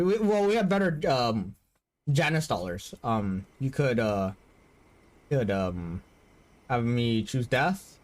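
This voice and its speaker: A man streaming a game, rambling casually, swearing and stammering, with a headache. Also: mid-range voice. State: has a headache. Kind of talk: casual live-stream commentary.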